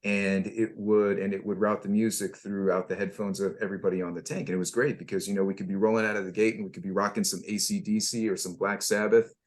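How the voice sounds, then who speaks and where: A man, a former tank crewman, telling army stories casually, halting and repeating himself. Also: on the low side, flat delivery. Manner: halting, many restarts and fillers. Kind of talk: casual storytelling.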